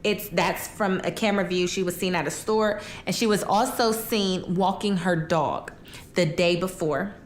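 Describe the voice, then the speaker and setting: A woman's voice: fairly low pitch, normal speed, a little hiss or hum. A young woman casually telling a true crime story while eating, chatty and colloquial, acting out the quotes.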